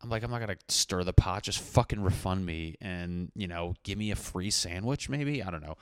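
A man's voice: sits low, moderate pace, clean tone, no room sound, studio quality. A young man telling a rambling, profane, jokey story to his viewers. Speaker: vlogger. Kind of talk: casual storytelling to camera.

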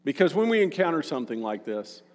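A man's voice: a little high, very animated, quick pace. Man preaching in a reverberant sanctuary. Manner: conversational, joking asides between readings. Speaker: pastor. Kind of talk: sermon with scripture reading. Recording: long reverb of a large room.

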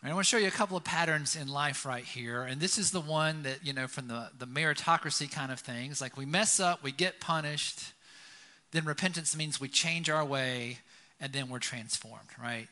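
A man's voice: fairly high pitch, normal speed, pushed and bright. A man giving a conversational sermon, telling stories and often checking in with his listeners by asking "right?". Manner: storytelling, keeps asking "right?". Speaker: pastor.

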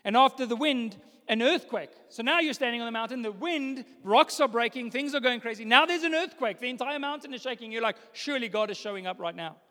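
A young man preaching a sermon, building from hushed passages to loud declarations. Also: very high voice, a little fast, hardly any pauses. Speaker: pastor. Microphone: microphone. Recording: long hall reverb.

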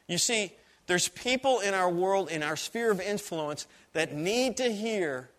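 A male pastor telling a story in a sermon, in an earnest, animated way and often repeating phrases. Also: high voice, unhurried.

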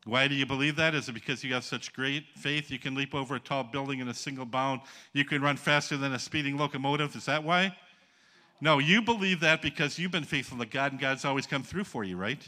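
A preacher from Michigan's Upper Peninsula delivers a sermon in a brisk, bright, forceful medium-pitched voice. He tells folksy stories, jokes with the congregation, and calls out for their responses.

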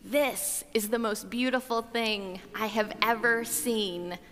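Hushed awestruck little girl, as a woman puts her on. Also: fairly high pitch, steady tone, slow pace, long reverb tail. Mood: awed whisper. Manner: hushed, whispering. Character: three-year-old girl, awed and softly grateful.

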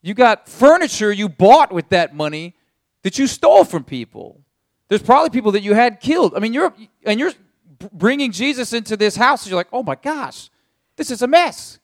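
A man's voice: high-pitched, brisk, dry recording, studio quality. A man preaching a sermon as a pastor, telling the story vividly and speaking straight to his listeners. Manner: animated storytelling in second person.

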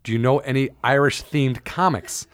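A man's voice: mid-range voice, normal speed, no echo. A man co-hosting a podcast as a comedian, telling crude stories with acted-out quotes in a casual chat.

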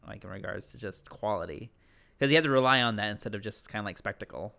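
A man guesting on a podcast, chatting casually in a relaxed way and laughing often. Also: on the low side, fast, creaky. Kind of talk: casual chat.

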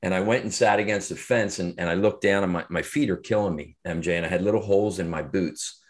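A man's voice: sits low, quick pace. A middle-aged man, a podcast guest, earnestly recounting a personal story in a reflective way with frequent fillers and restarts. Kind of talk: interview storytelling.

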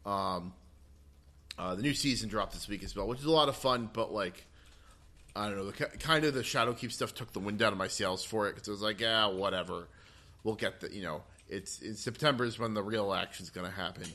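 A man's voice: fairly low pitch, fairly quick, pushed and bright. A man co-hosting a casual gaming podcast, rambling with many fillers and restarts. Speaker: podcast co-host.

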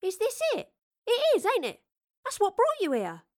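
A woman doing a loud, brash young working-class girl. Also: extremely high pitch, normal speed, pitched above the performer's own voice, exaggerated voice. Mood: excited. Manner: excitable, blunt and slangy.

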